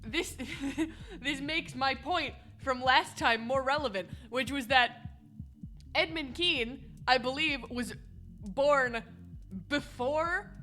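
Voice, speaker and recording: A chatty woman streaming a game, with a high, bright voice and frequent laughter. Faint game music sits under her casual commentary. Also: slow.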